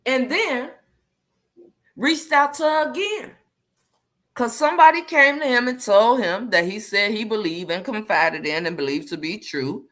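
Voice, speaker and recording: A woman in casual chat, talking sassy and emphatic. She hammers her points home by repeating them and swinging her pitch high and low. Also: expressive, measured pace, fairly bright tone. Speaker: commentary livestream host. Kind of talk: casual chat, drama commentary.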